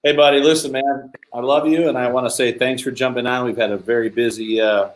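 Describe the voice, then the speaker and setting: A man's voice: mid-range voice, fairly even intonation, fairly quick. A man hosting an online workshop, thanking a guest in a casual, effusive way. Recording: distant from the mic.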